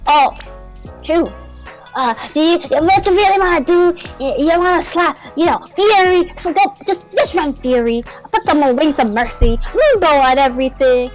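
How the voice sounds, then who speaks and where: A woman streamer with a high, bright-sitting voice rattles through game build reviews. She gets excitable and mock-outraged, and soft music plays in the background. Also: normal speed. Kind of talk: live-stream game commentary.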